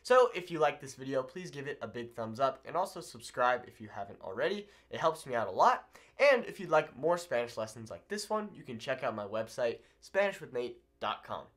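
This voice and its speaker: A man teaching a video language lesson at a board, upbeat and animated, checking in often with the viewer. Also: medium pitch, fairly quick. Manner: upbeat, animated, keeps asking "okay?". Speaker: Spanish teacher.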